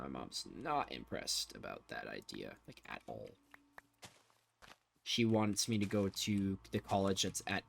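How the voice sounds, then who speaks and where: A young man chatting casually while playing a building game, rambling in a low-key monotone with sudden excited bursts. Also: vocal fry. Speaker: gaming vlogger.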